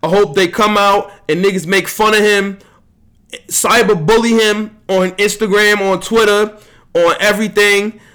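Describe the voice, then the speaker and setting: A young man with a noticeably high voice hosts a loose podcast chat. He brags, trash-talks his friends and swears freely, and his words tumble out in quick bursts. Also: steady tone, a bit bright, clear, resonant tone. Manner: boastful, heated ribbing of friends, swearing. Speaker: podcast host. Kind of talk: casual trash-talking chat.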